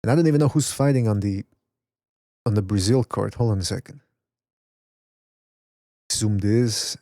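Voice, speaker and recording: A man's voice: lowish voice, moderate pace, dark tone, no echo, clean studio sound. A man hosting a casual boxing podcast, rambling, swearing and reading chat messages aloud. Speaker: podcast host. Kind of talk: casual live-stream chat.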